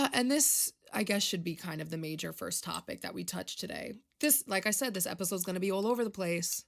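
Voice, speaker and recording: A woman's voice: on the low side, lively intonation, a little fast, vocal fry, fairly bright tone. A young woman, chatting on her own podcast in a rambling, confessional, emotional way. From Long Island, New York. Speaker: podcast host. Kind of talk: casual solo podcast chat.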